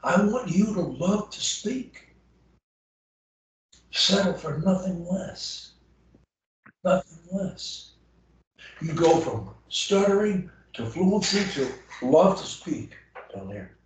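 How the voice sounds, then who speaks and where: A man's voice: high voice, lively intonation, slow pace, pauses often, slight background noise. A man coaching a client over a video call, emphatic and encouraging, repeating phrases for emphasis. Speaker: stuttering coach. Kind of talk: one-on-one coaching session. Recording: very echoey room, heard from a distance.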